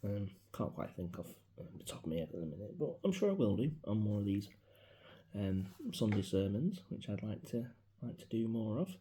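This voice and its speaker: Grieving man, low and mellow. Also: big pitch swings, brisk, slight background noise. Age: 40s. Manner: rambling, reflective, grieving, drops into soft mutters. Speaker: vlogger. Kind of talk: casual personal vlog. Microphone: mobile phone.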